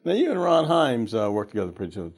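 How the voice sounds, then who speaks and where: A man hosting a TV talk show, asking halting questions with many fillers and backing the guest with steady "mm-hmm"s. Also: mid-range voice. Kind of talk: TV interview.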